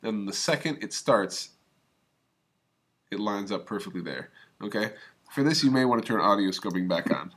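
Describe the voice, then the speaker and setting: A man's voice: fairly low pitch, lively intonation, moderate pace, long pauses, a bit bright. A man teaching a video editing class, talking through each click step by step in a casual way. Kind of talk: screen-recorded software tutorial.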